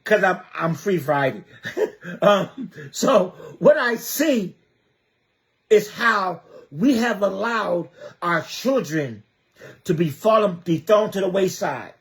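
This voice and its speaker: A man from the Trenton area of New Jersey speaks in a high, slightly bright, expressive voice, taking his time. As a community advocate, he delivers an impassioned livestream monologue, driving his points home with repeated rhetorical questions.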